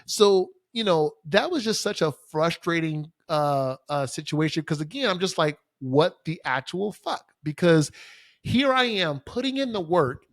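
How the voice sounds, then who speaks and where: Exasperated podcast host, cursing. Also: male voice, a little high, expressive, moderate pace, fairly bright tone, dry recording, clean studio sound. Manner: casual, profane, exasperated ranting with many fillers. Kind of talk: solo podcast storytelling. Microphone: studio microphone facing camera.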